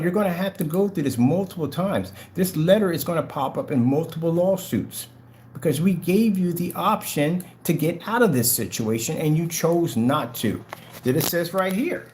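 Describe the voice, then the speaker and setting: A man hosting a livestream, confronting viewers in a taunting way and repeating the same challenging questions over and over. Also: fairly high pitch. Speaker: channel host.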